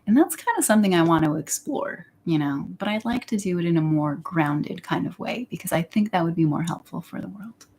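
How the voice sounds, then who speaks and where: A woman's voice: on the low side, expressive, brisk, hardly any pauses, a little mellow, slight background noise. Candid young woman rambling on a livestream. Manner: rambling, candid, drops to whispers and back. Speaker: YouTuber. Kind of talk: casual livestream chat.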